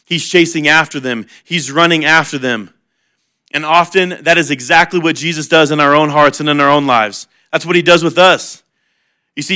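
A man's voice: fairly high pitch, sharp tone. A man preaching a sermon in an earnest, conversational way, mixing humor with heartfelt appeal. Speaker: pastor.

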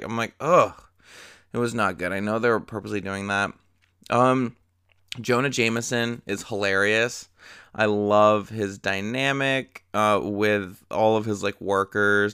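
A man's voice: fairly low pitch, pushed and bright, smooth, no room sound, clean studio sound. A young man hosting a casual solo movie review podcast, chatty and profane, rambling with lots of fillers.

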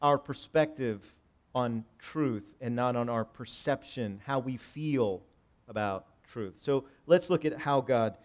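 A male pastor preaching a sermon, swinging between loud emphatic lines and hushed low ones, reading scripture and explaining it conversationally. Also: takes it slowly. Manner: reads scripture aloud and paraphrases it conversationally.

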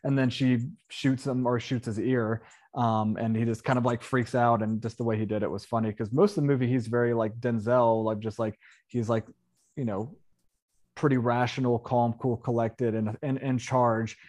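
A man's voice: medium pitch, steady tone, moderate pace, darkish tone. A man hosting a casual movie review chat, talking in a rambling way with many fillers and self-corrections. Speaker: podcast host.

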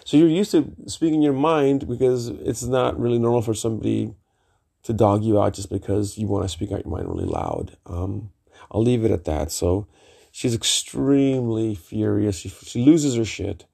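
A middle-aged man with a gravelly, dark voice tells a rambling personal story on his vlog. He talks emphatically, wanders off on tangents, and swears freely. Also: on the low side, lively intonation, moderate pace. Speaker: vlogger.

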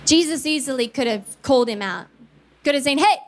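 Her high voice moves briskly over a faint hiss or hum as this thirties-aged Filipina pastor delivers a sermon in a church studio. She's animated, weaving in stories and acting out voices for fun.

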